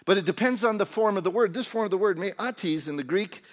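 A man preaching a sermon in church, acting out little voices and dropping from loud to hushed. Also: high-pitched, fairly quick. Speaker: pastor.

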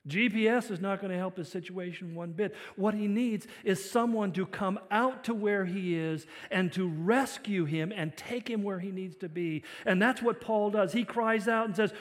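A male pastor delivering a sermon, swinging between loud emphasis and quiet, reflective passages. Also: high-pitched, normal speed, hardly any pauses. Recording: long reverb of a large hall.

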